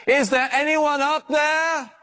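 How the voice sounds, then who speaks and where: A frantic man dangling over a chasm, as a preacher puts him on, crying for help in a high, strained voice that jumps up sharply. He pleads and shouts upward in his sermon story. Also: expressive, normal speed, big-room sound, full character voice. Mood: desperate.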